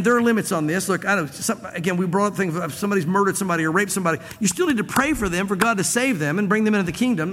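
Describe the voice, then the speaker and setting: A pastor preaches to a congregation in a church hall, speaking conversationally, repeating phrases and acting out quoted dialogue. His voice is high-pitched and fairly bright, and the hall is reverberant.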